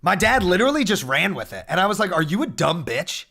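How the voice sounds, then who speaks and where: High, bright, ranting young man. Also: fast, gravelly. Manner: animated, profane ranting storyteller. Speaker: streamer. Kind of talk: casual chat.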